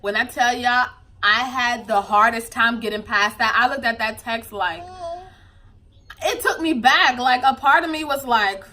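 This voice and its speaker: Emotional young woman with a bright voice. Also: on the high side, moderate pace. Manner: emotional, tearful at times, candid, lots of fillers. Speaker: vlogger, new mother. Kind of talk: casual confessional vlog.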